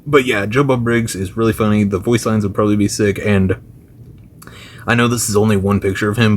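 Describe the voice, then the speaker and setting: A man's voice: lowish voice, slight background noise. A man talking as a gaming YouTuber in loose, enthusiastic casual commentary, full of fillers and slang.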